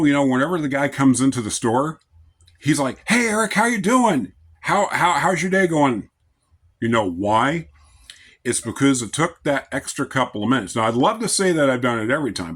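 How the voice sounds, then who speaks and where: Male lay preacher, average pitch, unhurried and even-tempered, speaks plainly and conversationally. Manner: calm, measured, conversational. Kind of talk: informal devotional talk.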